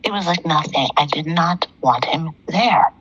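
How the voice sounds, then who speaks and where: A woman's voice: low voice, animated, measured pace, fairly bright tone, breathy edge, dull audio. A middle-aged woman calling in to a talk show, telling a personal story in an emphatic way and repeating phrases for effect. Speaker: caller.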